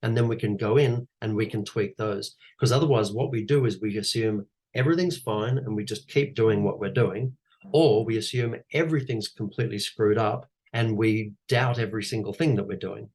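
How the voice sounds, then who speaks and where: Animated man giving advice. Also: on the low side, normal speed, slightly rough. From Australia. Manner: animated storyteller who repeats key phrases. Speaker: guest speaker, actor and teacher. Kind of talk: conversational coaching talk.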